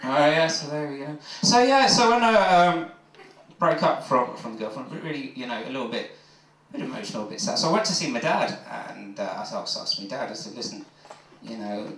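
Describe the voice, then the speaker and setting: A man's voice: mid-range voice, expressive, fairly quick, fairly bright tone, far from the mic. A man doing rambling, self-mocking stand-up comedy on a pub stage, chatting with the crowd. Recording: roomy pub mic from afar.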